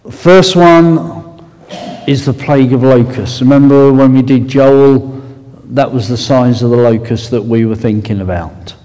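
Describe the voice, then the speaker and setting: Slow, dark-voiced Essex man preaching. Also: medium pitch. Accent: Essex English. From Essex, England. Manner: unhurried, conversational, with fillers and asides. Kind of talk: sermon with prayer. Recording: long reverb in a large hall.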